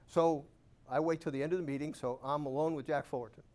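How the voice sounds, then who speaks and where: A man with a somewhat high voice gives a storytelling keynote to a live audience. His delivery is animated and self-amused, full of rhetorical questions and punchy asides. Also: fast. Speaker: guest speaker at a real estate investor club.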